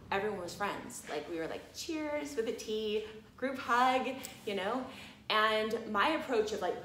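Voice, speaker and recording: A woman's voice: mid-range voice, slight background noise. A woman teaching at a massage college, telling a story casually with lots of fillers and bursts of laughter. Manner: animated, laughing, many fillers like "you know". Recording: echoey room.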